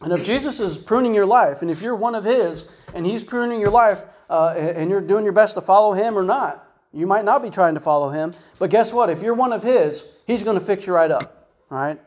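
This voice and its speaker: A man's voice: sits high, a little fast, darkish tone, rough recording. A man giving an informal Bible teaching in a conversational way, often asking "right?" and "guess what?" to the listener. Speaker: preacher.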